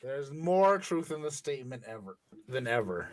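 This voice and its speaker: A man hosting a casual comedy podcast who talks in animated, joking bursts. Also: mid-range voice, moderate pace. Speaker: podcast host.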